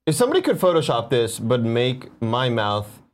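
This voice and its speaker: A man's voice: medium pitch, very animated, moderate pace. A man co-hosting a casual morning show, giggling and trying out a put-on accent as a bit. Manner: giggly, sing-song, laughs a lot. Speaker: co-host.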